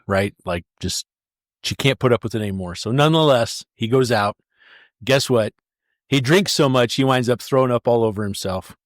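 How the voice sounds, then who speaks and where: A man's voice: mid-range voice, dry recording, studio quality. A man co-hosting a casual podcast and telling a long joke. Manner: animated storyteller. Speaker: podcast co-host.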